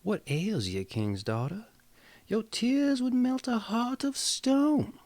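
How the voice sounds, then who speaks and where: A man voicing a gentle but sly talking frog in a Southern accent, with coaxing, drawn-out phrasing. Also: high voice, animated, no echo, voice pushed up, heavily acted.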